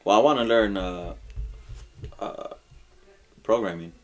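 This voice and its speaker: A man's voice: fairly low pitch, slow. A young man co-hosting a podcast, chatting casually with blunt, teasing remarks. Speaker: podcast co-host. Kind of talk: casual chat.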